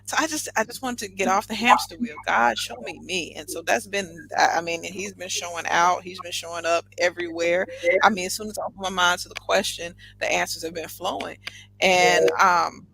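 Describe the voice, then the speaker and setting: A woman guest telling a story on a podcast in a casual, animated, emphatic way, laughing often. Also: lowish voice, a little fast, vocal fry, low-quality recording.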